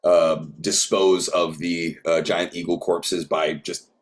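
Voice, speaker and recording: A man narrating a tabletop role-playing game as game master, relaxed and halting, with frequent pauses. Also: low-pitched. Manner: relaxed, many fillers and restarts.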